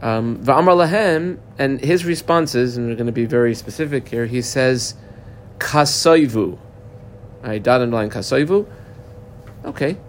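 A man's voice: mid-range voice, normal speed, slight background noise. A man teaching a Talmud class, translating phrases and explaining them step by step in a casual way with many fillers.

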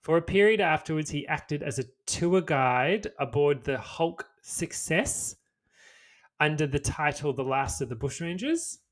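A man's voice: on the high side, expressive, a little slow. Australian man reading a history tale. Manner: storytelling read with swearing asides. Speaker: podcast co-host. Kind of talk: reading a history story aloud, with casual banter.

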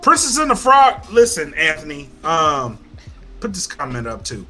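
A man's voice: a little high, huge pitch swings, moderate pace, sharp tone, soft background music. A man from Louisiana with a Louisiana accent, co-hosting a casual podcast and ranting with heavy profanity and lots of repeated phrases. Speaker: podcast co-host.

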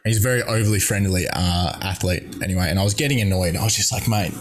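A man's voice: low-pitched, fast talker. A young Australian man chatting bluntly as an interview guest, telling stories with lots of fillers and restarts. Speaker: guest athlete. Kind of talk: casual interview chat.

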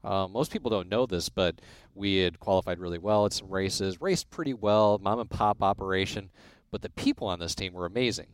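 A man's voice: deep voice, a little fast, hardly any pauses, no room sound. A man from Illinois telling stories from his career in a casual chat, acting out the voices of people he quotes. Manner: animated storyteller, acts out quoted dialogue. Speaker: guest. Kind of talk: casual storytelling.

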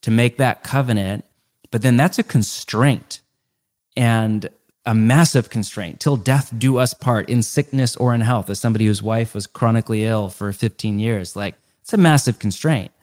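A middle-aged man, a guest author in a podcast interview, explaining ideas earnestly and stacking them in quick lists. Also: lowish voice, darkish tone.

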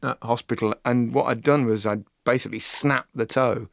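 A man's voice: mid-range voice, fairly even intonation, normal speed, vocal fry, no room sound, studio quality. A former footballer, a man co-hosting a podcast, telling a rambling, self-mocking anecdote and acting out the voices of the people in it. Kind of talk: casual storytelling chat.

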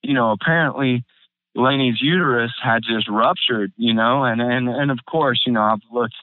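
A young adult man tells a hard personal story in a halting, emotional way, with many fillers and restarts, close to tears. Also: medium pitch, no room sound. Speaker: guest. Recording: phone-like narrow band, dry.

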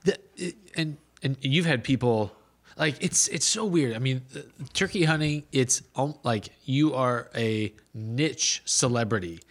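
A man's voice: mid-range voice, a little slow. A man co-hosting a casual podcast chat, chiming in with short reactions. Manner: chimes in with short reactions and laughs. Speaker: podcast host.

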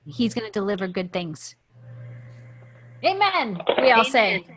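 A woman hosting a faith-based podcast, telling stories in an impassioned, animated way. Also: medium pitch, a little slow, noisy background. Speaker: podcast host.

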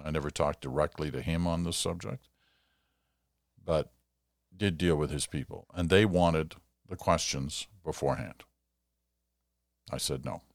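A man's voice: rumbling low, gravelly, no room sound, studio quality. An older man hosting a podcast, reading listener letters aloud and answering them in a conversational, explanatory way. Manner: conversational, explanatory, occasional chuckle.

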